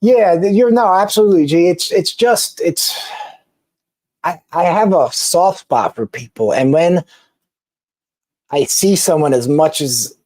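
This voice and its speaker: Halting Philly man on a live stream. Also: a little high, a little mellow, no room sound. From Philadelphia. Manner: rambling, halting, with many restarts and laughs. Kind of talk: casual live-stream chat reading comments.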